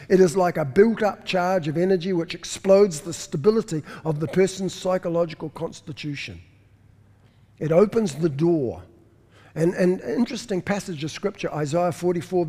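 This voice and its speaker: A male pastor delivers a sermon full of stories. His voice sits a touch high for a man and he drives his points home emphatically, stumbling into repeated words now and then. A long reverb from a large hall trails every phrase. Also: mellow. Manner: storytelling preacher, emphatic, repeats words when searching.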